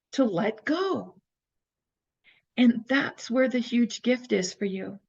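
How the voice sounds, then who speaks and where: A woman's voice: a little high, slow pace, highs cut off. A woman teaching a recorded course, talking earnestly and coaching her listeners with rhetorical questions. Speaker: teacher of an inner-child healing course.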